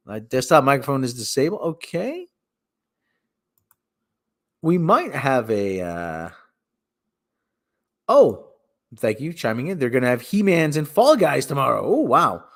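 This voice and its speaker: A man's voice: medium pitch, a bit bright. A man hosting a casual solo livestream, rambling and cutting himself off, with mock radio-announcer asides. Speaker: livestream host.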